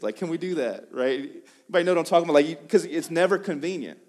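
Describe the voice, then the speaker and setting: A man preaching a sermon in a conversational, animated way, often restarting his phrases. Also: fairly high pitch, fast talker. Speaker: pastor.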